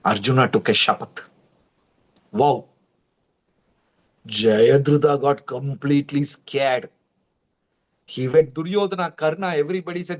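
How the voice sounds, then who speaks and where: A man tells a devotional story in a chatty, animated way and speaks to his audience directly. His voice sits fairly high. The sound is dull and lo-fi, as from a livestream. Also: takes it slowly, pauses often. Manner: conversational, animated, addresses viewers. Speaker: preacher, storyteller.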